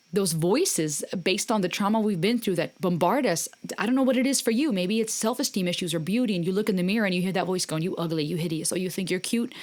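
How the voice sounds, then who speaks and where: A woman hosting a music reaction video, talking casually and earnestly, with encouraging, faith-based remarks to her viewers. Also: fairly low pitch.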